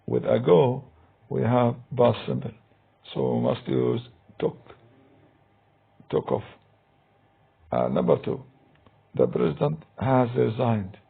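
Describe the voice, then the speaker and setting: A man teaching English grammar in a recorded lesson, talking slowly and hesitantly with many fillers, with a deep gravelly husky voice. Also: animated. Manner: slow, hesitant, many "uh" and "I mean". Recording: tinny phone-like recording.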